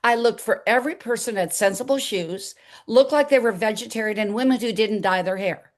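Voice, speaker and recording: An older woman as an interview guest, telling her story in an animated way and acting out the dialogue. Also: on the high side, fairly quick.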